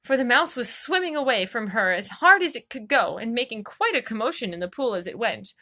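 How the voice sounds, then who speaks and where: A woman's voice: fairly high pitch, sing-song, fairly quick, pushed and bright. A woman reading a children's classic aloud, narrating expressively. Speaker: reader. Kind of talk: storybook narration.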